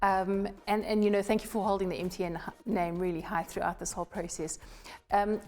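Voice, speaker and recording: A woman's voice: medium pitch, little pitch movement, fairly quick, darkish tone, in a large hall. A woman, a corporate executive guest, talking enthusiastically with many restarts. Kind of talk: talk show chat.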